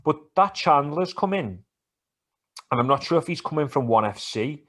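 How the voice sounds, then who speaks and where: A man co-hosting a podcast, chatting in a sweary, animated, teasing way. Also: fairly high pitch, normal speed. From England. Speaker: podcast co-host. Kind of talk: casual banter about football and MMA.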